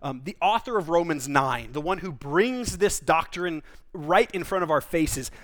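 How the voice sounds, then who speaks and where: A man with a notably high voice delivers a sermon as a pastor. He preaches conversationally, telling vivid stories and slipping in quick asides. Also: lively intonation, fairly bright tone.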